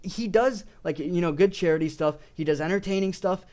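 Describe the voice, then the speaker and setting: A young man rambles through his opinions in a loose, unscripted way, his voice sitting a little high for a man. He swears constantly, trips over his own sentences and keeps circling back with "but listen", close on a desk mic. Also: brisk, a little mellow. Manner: profane, restarts often, repeats "but listen". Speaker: MMA YouTuber. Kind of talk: casual rambling commentary. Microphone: desk microphone.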